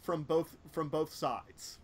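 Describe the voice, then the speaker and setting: A man narrating as game master, describing scenes in loose, halting speech full of ums and likes. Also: fairly high pitch, breathy edge.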